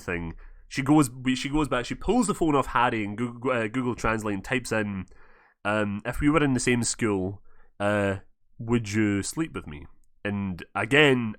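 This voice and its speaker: A man's voice: mid-range voice, dry recording, studio quality. A man with a Scottish accent hosting a casual podcast, telling a story with lots of swearing and acting out what people said. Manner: animated, swears a lot, acts out quoted lines. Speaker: podcast host.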